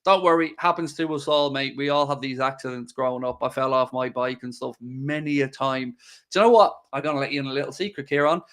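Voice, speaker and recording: A man's voice: mid-range voice, fairly even intonation, fast talker, a bit bright. A man hosting a live stream, chatting casually and joking as he answers viewers' questions. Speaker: livestream host.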